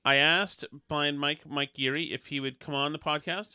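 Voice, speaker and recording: A man's voice: on the high side, moderate pace, smooth, no room sound, studio quality. A middle-aged man hosting a podcast, bantering casually and telling jokey, sarcastic stories. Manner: joking, sarcastic, animated storytelling. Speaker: podcast host.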